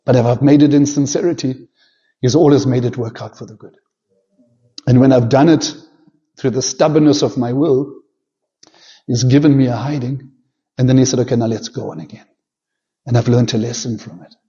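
A man preaching a sermon and leading prayer, fervent, rising into loud pleading peaks and dropping to hushed, quiet prayer. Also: medium pitch, fairly even intonation, moderate pace, long pauses, slightly rough, highs cut off. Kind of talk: sermon with altar call and prayer.

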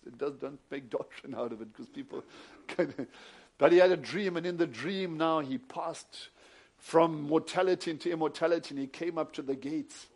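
A male preacher, moving between hushed retelling of a story and loud, emphatic preaching. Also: on the high side. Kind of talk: sermon with storytelling.

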